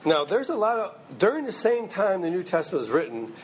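A man's voice: high voice, sing-song, fairly quick, slight background noise. A man teaching a Bible class in a loose, conversational way, often checking in with his listeners. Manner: conversational, checks in with "okay?" and "you know what I mean?". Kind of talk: informal Bible class lecture.

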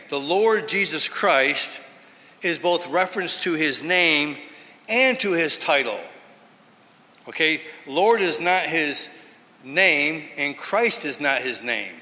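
A man's voice: a little high, sharp tone. A man teaching from the Bible in an earnest, emphatic sermon style. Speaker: preacher. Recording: hall reverb.

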